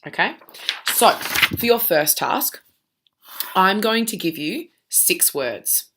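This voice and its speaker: A woman's voice: medium pitch, expressive, slow, background noise. A woman teacher giving a recorded lesson, walking students through a task patiently and checking in with "okay?" after each step.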